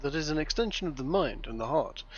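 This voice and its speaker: A man playing a solemn male sword-master in a put-on German accent, reading old wisdom aloud in a grave, measured way. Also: fairly high pitch, animated, husky, muffled recording. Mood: solemn recital.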